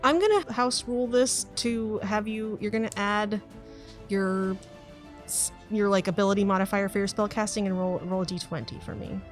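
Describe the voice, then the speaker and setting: A woman's voice: mid-range voice, normal speed, soft background music. A woman narrating as game master of a tabletop game, chatty and laughing often.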